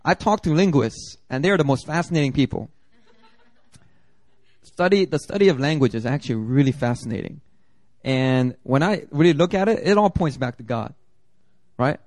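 A fairly high-voiced man preaching with animated, jokey storytelling, now and then slipping into mimicked voices. His delivery is lively and conversational, and the sound is close and dry, with no room echo. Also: moderate pace, pauses often. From Philadelphia area. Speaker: pastor. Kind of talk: sermon.

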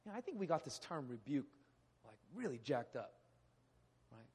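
Animated preaching man, husky voice. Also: mid-range voice, moderate pace. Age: 30s. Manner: animated, acts out quoted voices, laughs often. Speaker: pastor. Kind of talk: sermon. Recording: echoey hall.

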